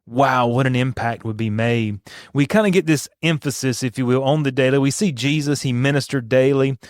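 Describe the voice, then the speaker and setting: A man's voice: mid-range voice, a little fast, no echo, studio quality. A man hosting a devotional podcast, teaching in an earnest, emphatic way and putting rhetorical questions to his listeners. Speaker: podcast host and Bible teacher.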